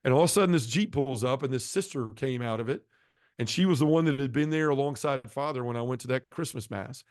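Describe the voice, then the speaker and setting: A middle-aged man tells his own conversion story at a quick clip, his voice sitting at an ordinary pitch. He speaks earnestly and from the heart. The sound is dry and close, with no room echo. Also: darkish tone. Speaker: guest sharing a conversion testimony. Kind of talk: emotional personal testimony.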